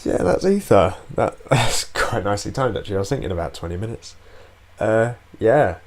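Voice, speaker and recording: A young man hosting his own gaming channel, rambling chattily while playing and shouting curses at the game. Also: lowish voice, brisk. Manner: swears and yells at the game; chatty and rambling between outbursts. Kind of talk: gameplay commentary.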